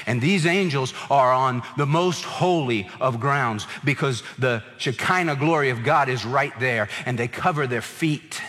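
Emphatic preacher with hall reverb. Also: male voice, medium pitch, moderate pace, few pauses, a bit bright. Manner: emphatic preaching, repeating words for stress. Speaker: pastor. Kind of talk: sermon.

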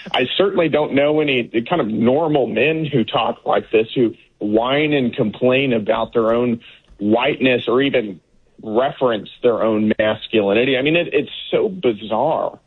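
A man's voice: medium pitch, normal speed, husky. A man from Texas giving emphatic political commentary as an interview guest, with many fillers and restarts. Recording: tinny phone-line sound.

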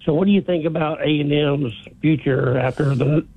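A man's voice: fairly high pitch, moderate pace, dark tone, husky. A man calling a sports show, friendly and asking direct questions. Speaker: caller. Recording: tinny phone line.

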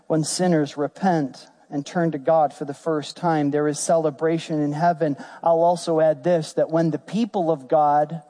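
Man, pastor, sermon, high mellow voice, earnest emphatic delivery.

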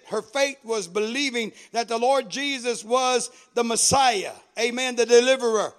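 A man's voice: extremely high pitch, moderate pace. A man preaching a sermon, fervently exhorting his congregation with frequent amens and call-and-response questions.

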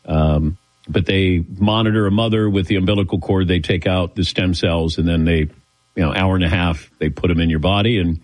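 A man with a fairly low voice hosts a casual talk show. He tells stories in a loose, rambling style and slips into other people's voices when he quotes them. His delivery is conversational and unpolished. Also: steady tone, brisk, a little mellow, poor audio. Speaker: show host. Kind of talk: casual anecdotal storytelling.

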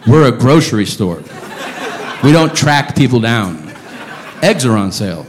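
A man doing a curt deadpan store clerk. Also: mid-range voice, measured pace, some chatter behind, voice pushed down. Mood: dismissive. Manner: flat, curt, dismissive. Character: rude deadpan male grocery store clerk. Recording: reverberant hall with audience noise.

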